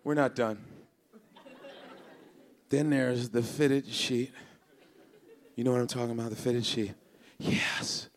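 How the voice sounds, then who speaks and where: A man's voice: mid-range voice, steady tone, slow pace, pauses often, some chatter behind. A male stand-up comedian performing an exasperated, profane routine and talking straight to the audience. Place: comedy club stage.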